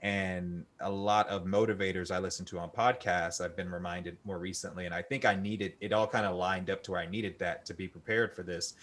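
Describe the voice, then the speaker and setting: A man hosting a podcast interview, relaxed and affirming, who laughs easily while chatting. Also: deep voice. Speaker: podcast host. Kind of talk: casual interview chat.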